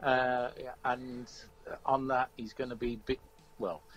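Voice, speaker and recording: A man being interviewed over the phone, speaking in a relaxed, halting way with plenty of ums and uhs. The audio sounds dull and muffled, like a phone call. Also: mid-range voice, a little hiss or hum. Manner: relaxed, hesitant, many fillers. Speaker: musician guest. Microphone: phone line.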